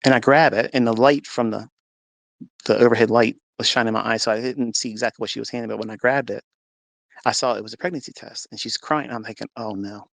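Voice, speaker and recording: This trading mentor speaks quickly in a steady, mid-range voice with vocal fry and a slight brightness, on a dry recording. Earnest and religious, he shares his faith story with an online audio-chat crowd, voicing his own past lines as he tells it.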